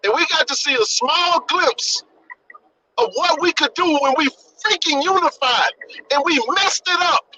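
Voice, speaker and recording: A man hosts a podcast live stream, ranting passionately like a preacher, repeating his points and swearing for emphasis. His voice is very high-pitched, a little slow, pushed and bright, heard through dull lo-fi live-stream audio.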